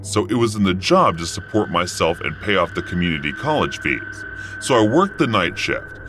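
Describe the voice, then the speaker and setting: A young man narrating a first-person horror story for an animated channel, with expressive storytelling. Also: deep voice. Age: young adult.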